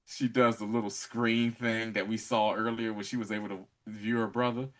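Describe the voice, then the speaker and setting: A man's voice: lowish voice, normal speed. A man co-hosting a casual podcast, retelling an episode with lots of laughter and acted-out lines. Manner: animated storytelling, acting out characters' lines; laughs often while talking. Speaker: podcast co-host. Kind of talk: casual recap chat.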